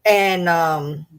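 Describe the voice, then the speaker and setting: A middle-aged woman streamer telling a story in a casual, blunt and profane way. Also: lowish voice. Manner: blunt, profane, animated retelling.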